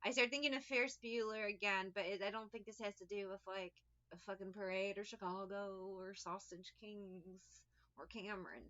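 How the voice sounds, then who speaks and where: A woman's voice: mid-range voice, fairly even intonation, normal speed, pushed and bright, muffled recording. A woman giving a casual tarot reading, rambling, sarcastic and liberal with swearing. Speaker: tarot reader.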